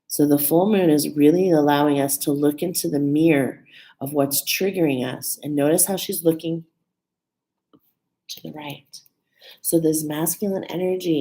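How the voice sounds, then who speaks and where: A woman with a low voice talks through a spiritual card reading in a relaxed, chatty way. She checks in with her listeners again and again and sounds moved at times. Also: low-quality recording. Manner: warm, chatty, with fillers like "okay?" and "right?"; emotional, laughing and near tears at times. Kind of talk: casual live card reading.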